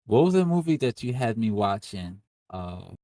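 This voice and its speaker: A man's voice: lowish voice, very animated, normal speed, warm tone, no room sound, clean studio sound. A man co-hosting a casual podcast, easygoing and agreeable, using laid-back slang. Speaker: podcast co-host. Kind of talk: casual chat.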